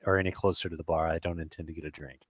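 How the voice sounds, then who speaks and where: Deep halting man player. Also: fairly even intonation, breathy edge. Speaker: tabletop game player.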